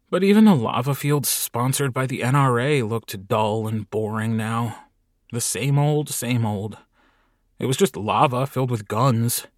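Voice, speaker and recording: A man narrating a comic short story audiobook in a wry, deadpan manner. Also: medium pitch, no echo, studio quality. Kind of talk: scripted narration.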